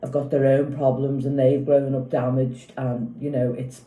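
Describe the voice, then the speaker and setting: A woman's voice: a bass voice, level tone, normal speed, phone-quality sound. A woman in her fifties chatting casually in a vlog, giving rambling opinions on a TV show and often checking if you follow her. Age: 50s. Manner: rambling, opinionated, keeps asking "do you know what I mean". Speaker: vlogger. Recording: echoey room.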